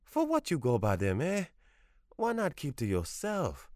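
A stern, tall old Creole grandmother scolds in clipped broken English, as a male storybook narrator puts her on. The voice sits well above his usual deep tone. The recording is close and dry. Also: huge pitch swings, measured pace, a little mellow, no room sound. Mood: scolding.

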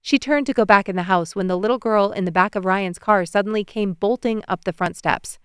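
A woman reading a story aloud as an audiobook narrator, with even, measured storytelling. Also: mid-range voice, clear, resonant tone, dry recording, studio quality.

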